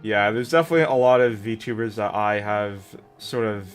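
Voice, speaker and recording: A man's voice: fairly low pitch, moderate pace, faint music behind. A man hosting a stream, chatting casually in a rambling, jokey, self-deprecating way. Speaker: streamer host. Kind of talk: casual chat.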